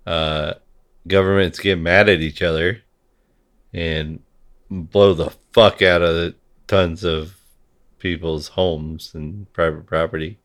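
A man's voice: low-pitched, fairly even intonation, slow, a bit bright. A man in a heated conversation, talking bluntly and swearing freely as he rants. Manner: blunt, profane ranting.

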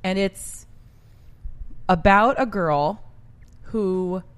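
A woman co-hosting a podcast, giving halting, giggly explanations in casual chat. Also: medium pitch, smooth. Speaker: podcast co-host.

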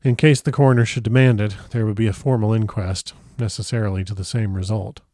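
A man reads a classic novel aloud with measured, grave storytelling. His voice sits fairly low. The recording is close and dry, with no room sound. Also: steady tone, a little mellow, no echo. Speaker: audiobook narrator. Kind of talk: scripted narration of a classic novel.

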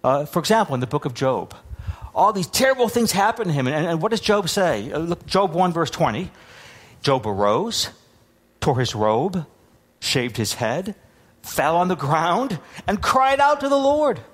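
A man's voice: on the high side, very animated, moderate pace, slightly rough. A man preaching a sermon as pastor, teaching with many restarts and repeated words. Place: congregation hall with overhead projector.

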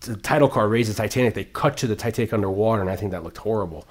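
A man in casual conversation about a movie, talking in long rambling runs. He gets animated and swears freely, dropping into quick voices for the characters he describes. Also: fairly low pitch, slight background noise. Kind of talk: casual film discussion.

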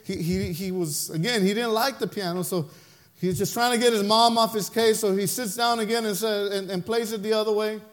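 A man's voice: high voice, fairly even intonation, fairly quick, soft background music. A male pastor preaching a sermon and telling a story, with emphatic, impassioned delivery.

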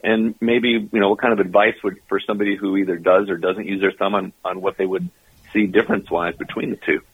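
A man's voice: sits low, steady tone, quick pace, husky, dry recording. A man, a coach co-hosting a podcast, asking long rambling questions full of fillers over a remote line. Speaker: co-host and coach. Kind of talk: interview questions. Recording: tinny phone-like line, dry.

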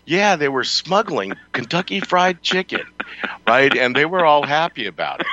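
A man with a fairly low but bright, forceful voice hosts a political call-in radio show, rambling and sarcastic and laughing often. He is close to a studio mic with a dry sound. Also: lively intonation, normal speed, no room sound, dull audio. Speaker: radio talk show host. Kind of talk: casual political talk radio.

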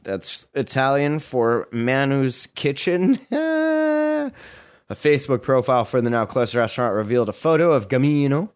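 A man's voice: mid-range voice, very animated, a little slow, clean tone. A man co-hosting a comedy podcast, reading odd news stories aloud with crude, sarcastic asides. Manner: jokey, crude, reads headlines with sarcastic asides. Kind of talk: casual comedic chat.

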